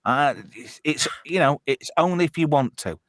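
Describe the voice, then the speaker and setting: A man's voice: on the high side, normal speed, fairly bright tone, no room sound, clean studio sound. A man hosting a casual live-stream chat, swearing a lot and reading out chat comments. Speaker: host.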